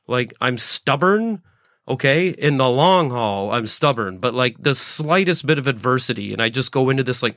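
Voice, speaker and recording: A man in his late forties rambles through a solo podcast monologue, self-deprecating and quick to swear. His pitch sits in the middle for a man, and he often breaks off and restarts his sentences. The recording is dry and close, with no room sound. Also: lively intonation, a bit bright, dry recording. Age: 40s. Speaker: podcast host, stand-up comedian.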